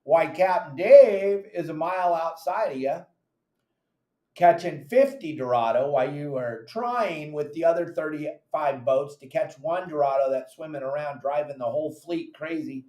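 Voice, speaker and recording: A man hosting a fishing podcast as a captain, giving casual, animated advice and acting out his friends' lines. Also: fairly high pitch, normal speed, echoey room. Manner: animated, acts out friends' voices in quotes.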